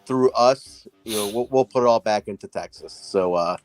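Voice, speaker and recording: A man's voice: fairly low pitch, normal speed, faint music behind. A man co-hosting a casual late-night stream chat, laid-back and swearing freely, sometimes drawling. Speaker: podcast co-host.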